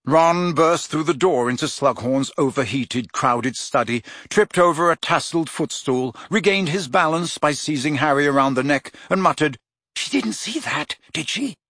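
A man narrating an audiobook with expressive storytelling. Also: a little high, normal speed, few pauses, dry recording, studio quality. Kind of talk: scripted narration.

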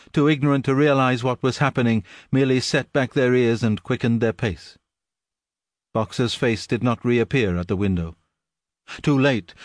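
A man narrates a story in a measured, even voice of middling pitch. The recording is dry and close, with no room sound. His delivery is steady and unhurried. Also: no echo. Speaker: audiobook narrator. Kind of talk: scripted narration.

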